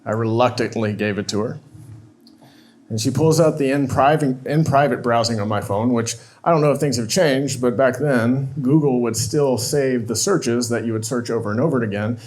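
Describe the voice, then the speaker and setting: A man's voice: mid-range voice, moderate pace, a little mellow. A man on stage telling a painful personal story, emotional and confessional, acting out the dialogue he quotes. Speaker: speaker. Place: stage at a live talk event.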